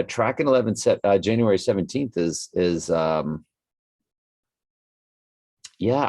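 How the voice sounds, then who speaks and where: Man, very low gravelly voice, tired, rambling livestream chat, lots of ums. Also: a little mellow. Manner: rambling, musing, trails off with fillers. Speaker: livestream host reading viewer comments.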